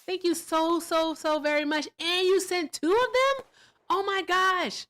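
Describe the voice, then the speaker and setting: A woman from Virginia hosting a casual livestream, animated and gushing as she thanks viewers, jumping between loud excitement and quiet asides. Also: very high-pitched, unhurried. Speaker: livestream host.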